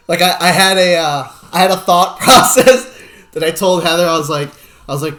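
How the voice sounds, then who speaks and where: A man's voice: a little high, steady tone, a little fast, fairly bright tone. A man from Pennsylvania co-hosting a podcast in casual, profane chat, often slipping into goofy stoner impressions. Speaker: podcast co-host.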